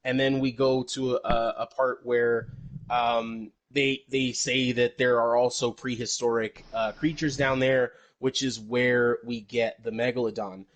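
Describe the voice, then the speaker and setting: A man's voice: mid-range voice, level tone, unhurried, poor audio. A man co-hosting a podcast, recapping a movie in rambling casual chat and swearing freely. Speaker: podcast co-host.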